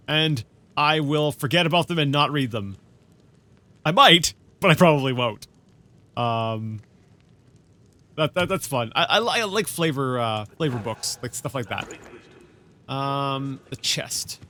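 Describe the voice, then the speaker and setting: A man's voice: a little high, a little slow, long pauses, bright, forceful tone. A man hosting a let's play, chatting casually and playfully as he reads in-game texts aloud. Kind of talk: casual gameplay commentary.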